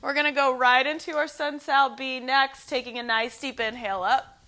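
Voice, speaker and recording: A woman yoga instructor calmly cueing breaths and poses in a guided flow at home. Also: high voice, normal speed. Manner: calm, encouraging breath cueing. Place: home, dogs nearby.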